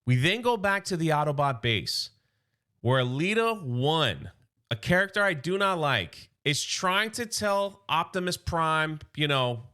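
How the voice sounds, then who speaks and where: A man's voice: fairly high pitch, sharp tone. A man casually retelling a comic book's story in his own chatty words, quoting the characters' lines as he goes. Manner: chatty retelling, voicing characters' lines, many "you know" and "he's like". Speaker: comic book reviewer.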